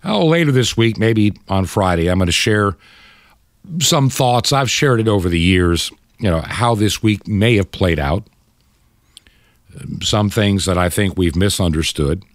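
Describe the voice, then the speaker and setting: A man's voice: lowish voice, no room sound, studio quality. An older man from the United States hosting Christian talk radio, with impassioned, preachy commentary. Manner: impassioned, preachy, mocks opponents in quoted voices. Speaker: radio talk show host.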